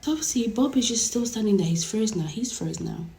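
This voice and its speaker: A young woman telling a dramatic storytime vlog in a chatty, animated way. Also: mid-range voice, fairly quick. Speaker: vlogger. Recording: roomy echo.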